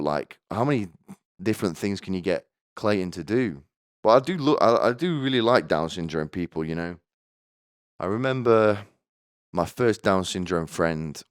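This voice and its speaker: A man's voice: low-pitched, smooth, dry recording, clean studio sound. A young man hosting a podcast, telling rambling comic stories with stammering restarts and crude offhand jokes. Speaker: podcast host.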